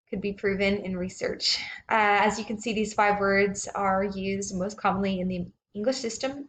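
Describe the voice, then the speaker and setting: Woman talking through slides, lots of ums and uhs, faint hiss behind her. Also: mid-range voice. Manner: hesitant, many ums and uhs. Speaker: presenter. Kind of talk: slide presentation lecture.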